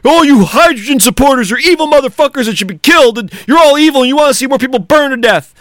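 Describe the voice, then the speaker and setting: A man's voice: extremely high pitch, expressive, quick pace, fairly bright tone, dry recording, voice pushed up. A man mocking an overwrought young activist. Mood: accusing. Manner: accusing, overwrought. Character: furious young male activist denouncing opponents.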